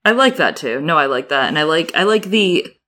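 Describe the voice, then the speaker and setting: A woman co-hosting a podcast in playful, animated casual chat. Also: sits low, brisk. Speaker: podcast co-host.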